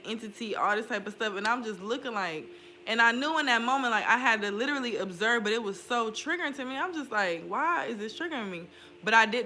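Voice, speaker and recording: A woman's voice: on the high side, sharp tone, a little hiss or hum. A young woman talking candidly in a casual vlog, swearing freely and laughing often. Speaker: spiritual vlogger. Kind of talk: casual confessional chat.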